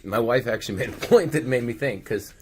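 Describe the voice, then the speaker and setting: A man's voice: medium pitch, fairly quick, slightly rough. A man co-hosting a casual podcast, telling stories animatedly and playing out imagined scenes. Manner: animated storyteller acting out scenarios. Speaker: podcast co-host. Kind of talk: casual chat. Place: studio or room podcast.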